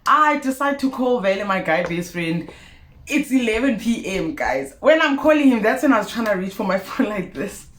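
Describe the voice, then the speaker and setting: A young South African woman telling a personal story to her viewers in a vlog, expressive and animated. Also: medium pitch, normal speed. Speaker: YouTuber. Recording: roomy echo.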